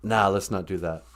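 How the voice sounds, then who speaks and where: Man, podcast host, casual joking chat, laughs at his own jokes, unhurried, very lively pitch. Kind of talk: comedic live-stream chat.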